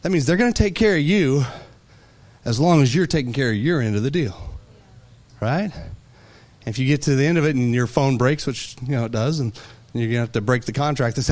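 A man preaching a sermon, animated and playful, telling everyday stories with lively asides. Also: mid-range voice, a little fast, long pauses. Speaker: pastor.

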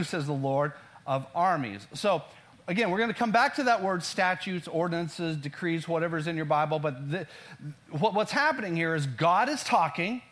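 A man with a somewhat high-pitched voice delivers a sermon. He reads verses slowly and with emphasis, then explains them to the congregation. He repeatedly tells listeners to underline words in their Bibles. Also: fairly bright tone. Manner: emphatic, slows down to read verses aloud. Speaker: pastor. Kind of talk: sermon teaching through scripture.

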